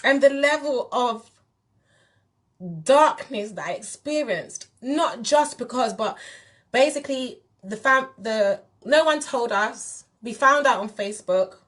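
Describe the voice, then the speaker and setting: A lively, fairly bright woman's voice from England, pitched on the high side and a little slow, belongs to a spiritual teacher and vlogger. She talks candidly to camera, direct and emphatic, calling her viewers "you lot".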